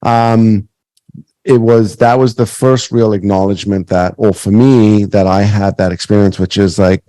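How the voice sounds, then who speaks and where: A man's voice: lowish voice, mellow, dry recording, poor audio. A man in his thirties hosting a podcast interview, telling stories with many restarts and repeated words. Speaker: podcast host. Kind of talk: conversational interview.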